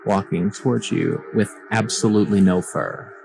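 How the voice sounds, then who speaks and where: A man's voice: low voice, normal speed, vocal fry, over music, low-quality recording. A man narrating as dungeon master in a tabletop game, loose and chatty, often breaking into laughter.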